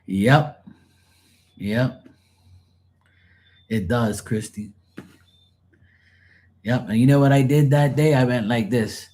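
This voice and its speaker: A man's voice: mid-range voice, slow, pauses often. A man reading tarot on a live stream, telling blunt, profane stories in casual chat and mocking the people he quotes. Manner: animated, mocking quoted voices.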